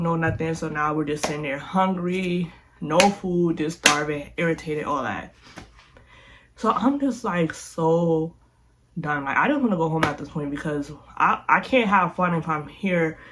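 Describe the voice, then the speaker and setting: A young woman vlogger casually telling a storytime, animated and slangy, often repeating herself. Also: lowish voice, slight background noise.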